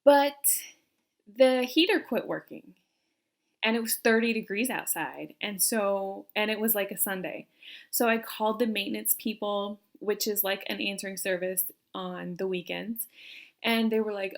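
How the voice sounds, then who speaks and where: A woman's voice: fairly high pitch, measured pace. A young woman coaching viewers in a self-help video, talking earnestly and asking them questions. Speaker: personality coach. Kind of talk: direct-to-camera self-help talk.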